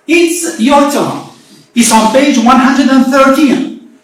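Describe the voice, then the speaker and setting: A woman teacher giving a remote English lesson, explaining slowly and deliberately and repeating herself often. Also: a little high. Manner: slow, deliberate explaining with frequent repetition. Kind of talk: recorded remote classroom lesson. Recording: very echoey room, voice far from the mic.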